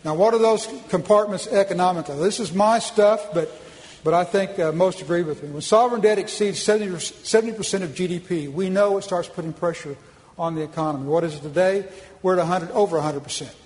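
A man's voice: high-pitched, fast, darkish tone, long reverb tail, poor audio. A man from Oklahoma giving a public speech with slides at a policy conference, folksy and emphatic, often restarting his sentences.

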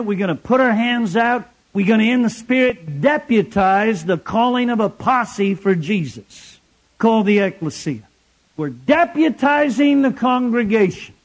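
A man preaching a sermon in an emphatic, conversational way, asking the congregation rhetorical questions. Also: extremely high pitch.

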